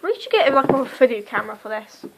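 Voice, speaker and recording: A woman's voice: high-pitched, very animated, fast, creaky, noisy background. A young British woman with a British accent, chatting casually through a book review vlog recorded on a phone, rambling and cutting herself off. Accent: British English. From Britain. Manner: chatty, rambling, self-interrupting. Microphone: phone camera.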